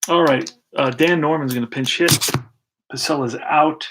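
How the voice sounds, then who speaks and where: A man's voice: fairly high pitch, moderate pace. A man hosting and narrating a tabletop baseball replay in a casual play-by-play style, thinking aloud as he rolls dice and pulls cards. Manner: relaxed, thinks aloud while rolling dice and pulling cards.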